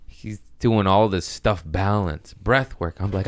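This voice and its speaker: A man's voice: low-pitched, a little slow, no echo. A man hosting a casual comedy podcast, rambling in a profane, self-mocking way. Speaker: podcast host. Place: at home, gardeners working outside.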